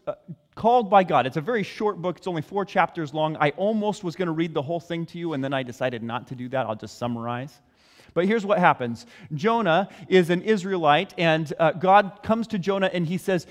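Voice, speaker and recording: A pastor preaching a sermon, retelling a story in an animated, conversational way. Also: male voice, high voice, brisk, long reverb tail.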